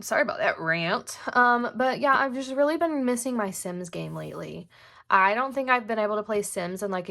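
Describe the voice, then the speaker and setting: A woman's voice: mid-range voice, fairly bright tone. A young woman, chatting casually in a home planner vlog, rambling with lots of "like" fillers. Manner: rambling, filler-heavy with frequent "like". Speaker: planner vlogger and mom. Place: home desk.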